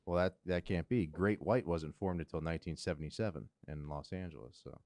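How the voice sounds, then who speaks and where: Deep-voiced wisecracking man. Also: a little fast, dry recording. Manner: wisecracking, deadpan puns. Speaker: podcast co-host. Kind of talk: casual podcast chat.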